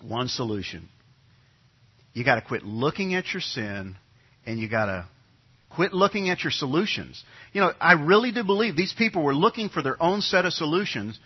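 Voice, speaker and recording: A middle-aged man from New York, serving as pastor, preaches conversationally and repeats key phrases, his voice a little high, expressive, slightly rough and a little fast. The sound is dull and lo-fi.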